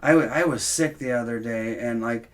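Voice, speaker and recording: A man's voice: mid-range voice, normal speed. A man hosting a casual interview, then chatting easily while showing off his purchases. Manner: chatty, easygoing, exclaiming over finds. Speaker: host. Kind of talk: casual chat and show-and-tell.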